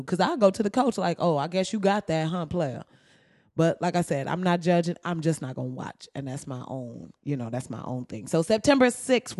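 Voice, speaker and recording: Brief: outspoken woman host, animated and profane, dry close sound. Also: low-pitched, no room sound. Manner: profane, animated storytelling with mimicry. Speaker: podcast host. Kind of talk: casual commentary.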